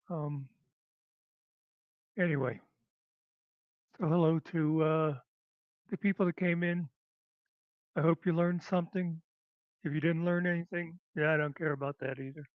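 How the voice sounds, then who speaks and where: Male host, slightly high voice, unhurried sardonic rambler, muffled dry sound. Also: dry recording. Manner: sardonic, unhurried, trailing pauses. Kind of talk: rambling solo commentary. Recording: dull lo-fi dry recording.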